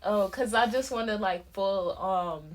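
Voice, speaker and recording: A woman's voice: mid-range voice, takes it slowly. A woman vlogger talking casually to her phone camera, rambling with many fillers and restarts.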